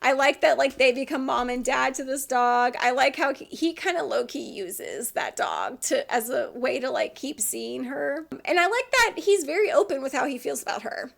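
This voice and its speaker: A woman vlogger talks through the dramas she is watching in a loose, chatty way, laughing often and slipping into quoted lines. Her voice sits high, with a gravelly fry at the ends of phrases. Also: animated, normal speed, hardly any pauses. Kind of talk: casual chat about TV dramas.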